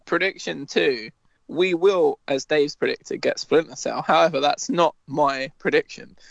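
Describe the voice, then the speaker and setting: A joking man co-hosting a gaming podcast, with a fairly high, gravelly voice. He talks in casual banter and swears freely. The sound is dry and close to the mic. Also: measured pace, no room sound. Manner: joking, swears, slips into mock Cockney bits. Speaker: podcast co-host.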